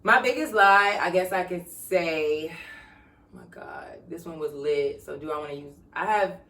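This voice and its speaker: A woman's voice: on the low side, moderate pace, fairly bright tone, far from the mic. A woman in her twenties co-hosting a podcast, telling stories in a brash, profane way and acting out the voices of the people in them. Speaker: podcast co-host. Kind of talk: casual chat. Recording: roomy, from away from the mic.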